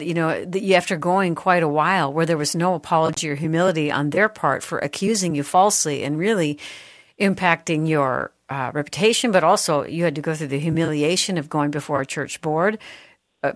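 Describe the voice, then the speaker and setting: Low-voiced woman hosting Christian radio. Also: dry recording, clean studio sound. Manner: earnest, conversational, asks probing questions. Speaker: radio talk show host.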